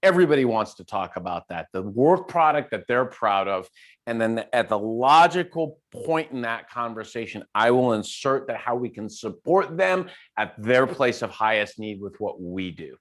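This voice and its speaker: Animated man, guest speaker, talking fast. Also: mid-range voice. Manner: animated, repeats words and restarts, acts out quotes. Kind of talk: casual conversational interview.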